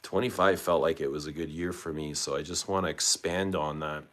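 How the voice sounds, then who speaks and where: A man's voice: a bass voice, fairly even intonation, fairly quick, a bit bright. A man hosting a casual livestream, reading viewer comments aloud and chatting back with questions. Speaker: livestream host.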